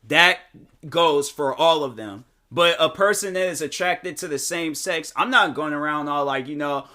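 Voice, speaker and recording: A man talking in a casual opinion vlog, animated and slangy with lots of fillers. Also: fairly high pitch, normal speed. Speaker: vlogger.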